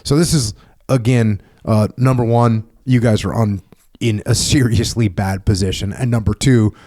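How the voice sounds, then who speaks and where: Low, mellow-voiced male podcast host. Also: no echo, clean studio sound. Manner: steady, measured reading with brief questions. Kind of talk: reading a memoir aloud and interviewing.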